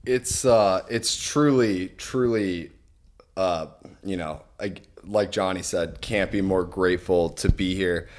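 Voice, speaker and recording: A young American man co-hosting a podcast, speaking earnestly and gratefully with halting restarts. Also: deep voice. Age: young adult. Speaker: podcast co-host. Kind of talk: casual chat.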